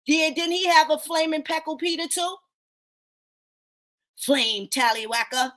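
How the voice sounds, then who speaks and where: Woman going off on a live talk room, kinda high voice, cussing a lot, blunt and loud about it. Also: a little slow. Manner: blunt, animated, swears often, talks to listeners as y'all. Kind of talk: casual profane commentary.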